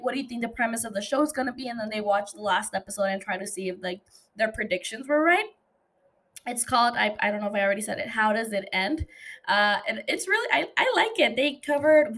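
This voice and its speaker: A woman's voice: fairly high pitch, a bit bright. A young woman hosting a podcast on her own, chatting loosely and playfully, swearing freely and laughing between thoughts. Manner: loose, profane and playful, with frequent fillers and laughs. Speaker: podcast host. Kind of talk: casual solo podcast chat.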